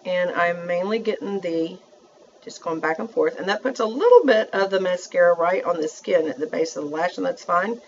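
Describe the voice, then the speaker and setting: A woman's voice: lowish voice, normal speed, highs cut off, a little hiss or hum. A woman, chatting through a makeup tutorial and talking to her viewers as she works. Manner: chatty, self-narrating, addresses viewers as y'all. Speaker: beauty vlogger.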